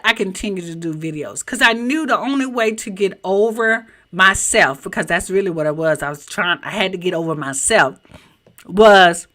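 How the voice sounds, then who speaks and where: A woman with a Southern US accent, a business coach in her home office, teaching in a chatty, animated way straight to her viewers over a webcam mic. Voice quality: a little high-pitched. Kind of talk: live-streamed teaching presentation.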